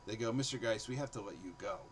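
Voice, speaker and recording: A man's voice: on the low side, fast talker, a little hiss or hum, poor audio. A man, a former teacher, telling stories from his classroom days in a casual monologue, acting out the students' lines. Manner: animated, acts out students' voices in quotes.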